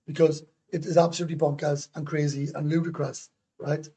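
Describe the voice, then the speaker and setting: A middle-aged Welshman hosts a casual livestream, ranting and rambling bluntly, swearing and answering viewers' comments. His voice is fairly high and level, warm and husky, and he talks fairly quickly.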